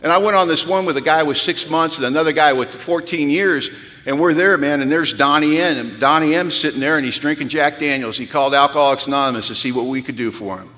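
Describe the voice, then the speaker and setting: Animated man in his fifties, telling stories in an echoey hall. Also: a little high, fast. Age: 50s. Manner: animated, self-deprecating humor; peppers speech with "man". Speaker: recovery retreat speaker. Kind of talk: storytelling talk. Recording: echoey hall with long reverb.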